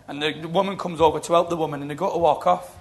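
A middle-aged man preaching a sermon, telling stories with lively quoted voices. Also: a little high, very fast. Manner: storytelling, animated, acting out quoted voices. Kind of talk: sermon with testimony.

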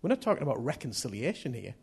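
Husky-voiced chatty male preacher. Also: mid-range voice, very animated, quick pace. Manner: chatty, jokey, laughs at himself mid-story. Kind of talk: sermon.

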